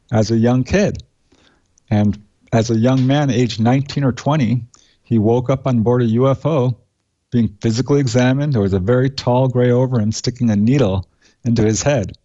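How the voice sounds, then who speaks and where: A man with a warm, darkish voice explains the cases he researched as an interview guest. He speaks plainly and matter-of-factly, often pausing on "uh". The recording is dull and lo-fi. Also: medium pitch. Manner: recounts cases in a steady matter-of-fact way, with frequent "uh" fillers. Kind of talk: conversational interview.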